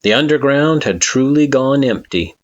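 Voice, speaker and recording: A man narrating a fan fiction story at a steady, even pace. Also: medium pitch, moderate pace. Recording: dull lo-fi recording.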